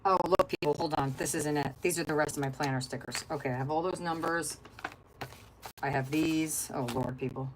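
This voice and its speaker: A woman's voice: low voice, fast, hardly any pauses, noisy background. A middle-aged woman hosting a crafting livestream, chatting casually and rambling to her viewers as she works. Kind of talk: casual chat while crafting.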